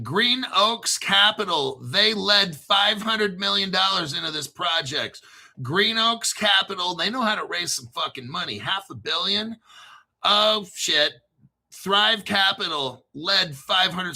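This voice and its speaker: A high-pitched man with a very bright, piercing tone hosts a crypto show in a loose, rambling monologue. He sounds excitable and swears freely, stopping now and then to spell out names letter by letter. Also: vocal fry.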